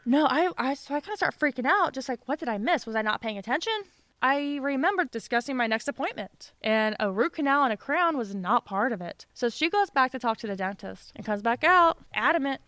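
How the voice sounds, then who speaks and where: A woman co-hosting a podcast in casual chat, telling a story with animated quoted voices and frequent laughter. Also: sits high, a little fast, dry recording. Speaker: podcast co-host.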